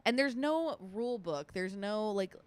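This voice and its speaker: A young woman co-hosting a casual podcast, talking expressively and often trailing off mid-thought, with frequent swearing. Her voice is clear and smooth. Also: mid-range voice, lively intonation, unhurried, dry recording. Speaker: podcast co-host.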